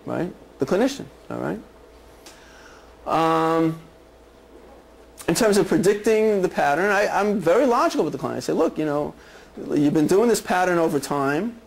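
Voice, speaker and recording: Guy with a high voice teaching therapy stuff, chatty, lots of "okay? right?". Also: expressive, normal speed, creaky, pauses often, rough recording. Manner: conversational, repeats "okay" and "right" often. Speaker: clinician teaching a class. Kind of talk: lecture with role-play examples.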